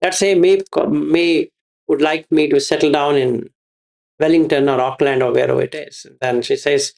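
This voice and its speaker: Man, meditation teacher, gravelly voice, repetitive phrasing, rhetorical questions. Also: on the high side, fairly even intonation, moderate pace, darkish tone. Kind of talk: Buddhist teaching talk.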